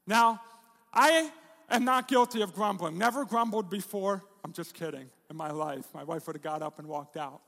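A man's voice: high voice, moderate pace, vocal fry, fairly bright tone, long reverb tail. A middle-aged man, a pastor, preaching a sermon in a conversational, self-deprecating way with jokes and rhetorical questions.

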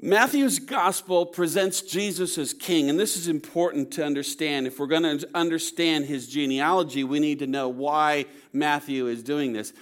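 Male pastor, sermon to a congregation, slightly high voice, chatty and joking. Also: normal speed, hardly any pauses. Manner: conversational, with asides and checks of "okay?"; playful humor.

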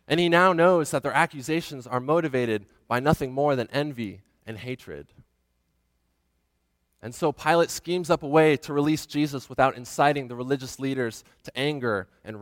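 A man retells a scripture story as a dramatic sermon. He drops to a hush, then swells to loud, urgent passages. His voice sits slightly high, with a long reverb tail behind it. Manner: expressive, swings from hushed to loud.

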